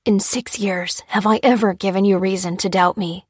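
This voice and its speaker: A woman's voice: medium pitch, fairly even intonation, normal speed, husky, dry recording, studio quality, close to an everyday voice. A woman voicing a tense, urgent man. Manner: clipped, insistent.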